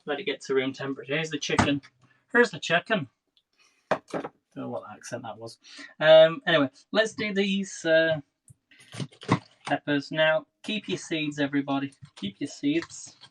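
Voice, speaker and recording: Here a man in his thirties cooks at home and talks with his livestream audience in a relaxed, chatty way. His pitch is on the high side and a bit bright. The phone audio is low quality, with a little hiss or hum and kitchen clatter and clicks behind him.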